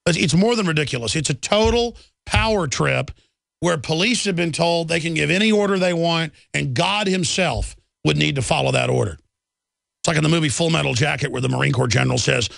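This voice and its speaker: Man, talk radio host, very gravelly voice, slightly high pitch, indignant live rant, repeats and restarts words. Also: a little fast, a bit bright, no room sound, clean studio sound.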